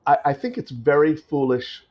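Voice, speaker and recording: On a podcast interview, this American guest actor, a thoughtful middle-aged man, speaks at a moderate pace in a higher voice with big swings in pitch. He keeps restarting and repeating words, and the recording is dull and lo-fi.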